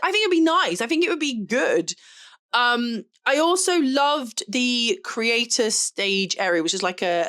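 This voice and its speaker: A woman's voice: a little high, fairly bright tone. A young adult woman, chatting casually to camera about an event, rambling and laughing often. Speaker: photographer and vlogger.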